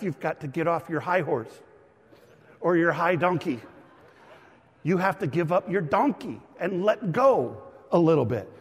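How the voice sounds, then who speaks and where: Animated preacher man in a reverberant hall. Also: on the high side. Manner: animated, shouts for emphasis, teaching aside. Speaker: pastor. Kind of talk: sermon.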